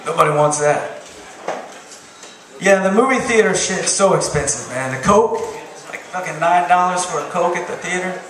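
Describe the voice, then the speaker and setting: A man doing a stand-up comedy set of profane deadpan one-liners in a bar. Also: sits high, moderate pace. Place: bar stage with crowd. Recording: roomy distant bar recording with crowd. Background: audience laughter.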